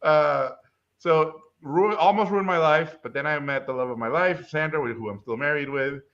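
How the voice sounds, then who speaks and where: A man's voice: fairly high pitch, moderate pace. A middle-aged man, a film director, telling a personal story in a casual interview and acting out the people in it. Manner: lively storyteller who acts out voices. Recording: dull lo-fi sound.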